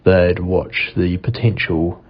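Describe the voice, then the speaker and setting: A man's voice: deep voice, flat delivery, slow, breathy edge. A man, sending a cheeky question to a podcast in a voice message. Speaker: caller. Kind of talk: phoned-in voice message. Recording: dull lo-fi phone message.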